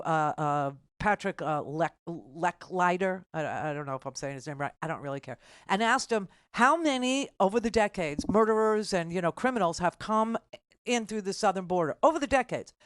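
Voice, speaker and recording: A woman's voice: on the low side, dry recording, studio quality. A middle-aged woman hosting a political talk radio show, combative and exasperated as she argues with callers' claims.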